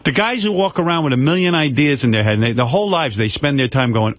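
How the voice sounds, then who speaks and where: Older male radio host, blunt and preachy, animated delivery, dry studio mic. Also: fairly high pitch, fast, gravelly, hardly any pauses, no echo. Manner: blunt, lecturing advice. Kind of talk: radio call-in talk.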